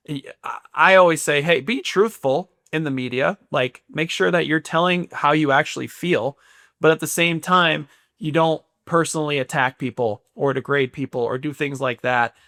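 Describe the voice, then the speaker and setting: A man in his thirties co-hosting a podcast, talking in an easygoing, agreeable, measured way as a former player. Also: on the high side, sharp tone, dry recording, studio quality. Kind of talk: casual chat.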